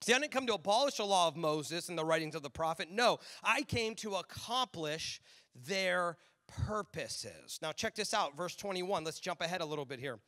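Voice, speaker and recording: A young man preaching a sermon, telling a story with animated energy and acting out both voices of an imagined conversation. His voice sits high and rings bright and forward. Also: normal speed. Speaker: pastor.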